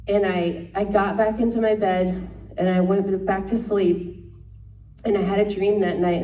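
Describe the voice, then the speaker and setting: A woman in her thirties, a worship leader, giving an earnest personal faith testimony with halting restarts. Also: medium pitch, dark tone. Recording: roomy, distant mic.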